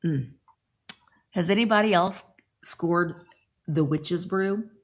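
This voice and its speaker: A woman's voice: on the low side, takes it slowly. A middle-aged woman from Indiana hosting a casual live stream, chatting and greeting viewers by name.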